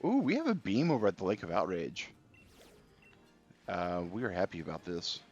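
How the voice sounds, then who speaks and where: A man streaming a video game and chatting casually with viewers, relaxed and rambling, with many fillers and restarts. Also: sits low, normal speed. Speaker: gaming livestreamer. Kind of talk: casual live-stream chat while playing. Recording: slightly dull stream audio with faint game music.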